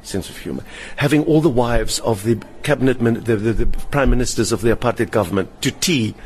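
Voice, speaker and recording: A man's voice: mid-range voice, fairly quick. An older man, a satirist telling theatrical anecdotes in an interview and mimicking the people in them. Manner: lively, theatrical, mimics other voices in anecdotes. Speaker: satirist and performer, interview guest. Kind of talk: animated storytelling in conversation. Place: hotel lounge. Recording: faint room noise in a hotel lounge.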